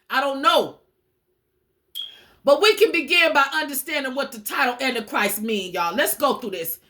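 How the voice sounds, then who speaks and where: Emphatic preaching woman, lively high voice. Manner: emphatic, repeats herself, swears casually; addresses listeners as y'all. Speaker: spiritual teacher. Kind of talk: informal preaching talk.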